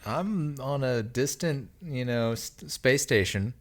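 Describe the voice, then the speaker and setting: A man's voice: medium pitch, expressive, slow pace. A man hosting a podcast in a laid-back way, playing along with short, dry replies. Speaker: podcast host. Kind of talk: casual comedic chat.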